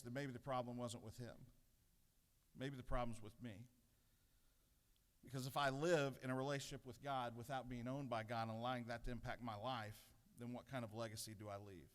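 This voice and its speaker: A man's voice: mid-range voice, fairly bright tone. A middle-aged man gives an earnest devotional sermon at a podium, mixing self-deprecating stories with a spiritual challenge. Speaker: pastor giving a devotional. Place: large legislative chamber. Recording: long reverb in a large chamber.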